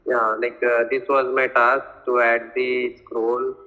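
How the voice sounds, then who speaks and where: A man's voice: mid-range voice, level tone, takes it slowly, bright, forceful tone, low-quality recording. A man, talking casually on a video call as an interview guest, hesitant and full of fillers. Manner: hesitant, many fillers and restarts. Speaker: interview guest, software developer.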